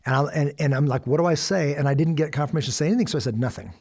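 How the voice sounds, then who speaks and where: A middle-aged American man telling a story as a guest, animated and acting out quoted lines with sudden loud bursts. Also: a little high, rapid-fire, breathy edge. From United States. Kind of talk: storytelling in a conversation.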